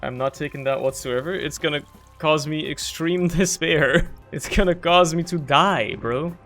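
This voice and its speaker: A man's voice: on the high side, normal speed, soft background music. A young man giving casual, slangy commentary on his own gameplay, often laughing and getting worked up over what happens in the game. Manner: animated, laughing, slangy, talks to himself while playing. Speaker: gaming YouTuber.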